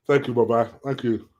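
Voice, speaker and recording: A man's voice: medium pitch, darkish tone, breathy edge. A man hosting a casual live stream, reading viewers' questions aloud and answering them in a chatty way.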